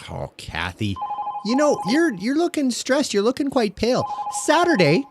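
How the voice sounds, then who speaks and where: Brief: man doing a cheerful Eastern Canadian office guy, animated delivery. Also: extremely high pitch, normal speed, noisy background, voice pushed up, exaggerated voice. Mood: friendly. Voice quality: folksy, cheerful. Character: friendly middle-aged office handyman Howie.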